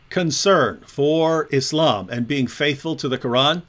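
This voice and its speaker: Sarcastic male co-host of an online discussion, talks mockingly in a fairly high voice. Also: unhurried, few pauses, a bit bright.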